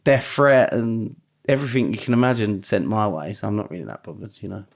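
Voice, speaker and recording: A man, a podcast guest, talking in a halting, tearful way that trails off into near-silence. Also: on the low side, vocal fry. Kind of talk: emotional podcast conversation.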